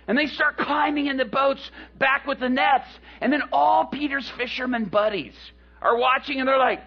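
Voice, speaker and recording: High-voiced animated male preacher. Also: moderate pace, gravelly, few pauses, breathy edge, dull audio. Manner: animated, dramatic retelling. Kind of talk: sermon storytelling.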